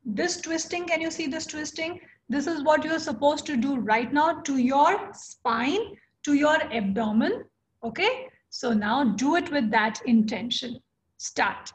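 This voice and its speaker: Young Indian-accented woman as encouraging yoga teacher, slow-paced, recorded in a roomy space. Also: high voice. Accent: Indian English. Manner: encouraging, coaching by name, slow cues. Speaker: yoga instructor. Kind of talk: live online chair yoga class.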